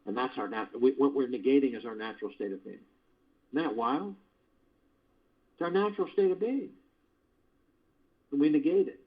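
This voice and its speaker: A man's voice: medium pitch, normal speed, long pauses. A man hosting a meditation call, giving spiritual teaching in a folksy, conversational way full of rhetorical questions. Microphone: phone. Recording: dull lo-fi conference call line.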